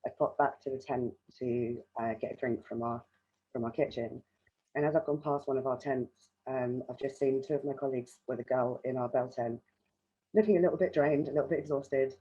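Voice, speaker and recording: A woman's voice: very deep voice, steady tone, a little fast, breathy edge, dull audio. A woman who works festival welfare, telling a story at a panel talk with frequent ums.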